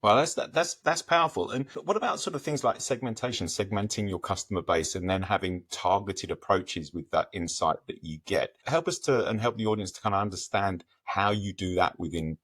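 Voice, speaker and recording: A man with a deep voice co-hosts the interview, working his way through each question with repeated words and restarts. The sound is dry and close, with no room echo. His delivery is friendly and conversational. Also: brisk, hardly any pauses, fairly bright tone, husky. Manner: hesitant, repeats words while phrasing questions. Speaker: co-host.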